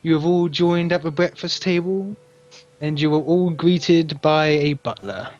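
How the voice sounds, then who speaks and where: A man's voice: on the high side, unhurried, darkish tone, dull audio. A man narrating a tabletop game as game master, laid-back and laughing often.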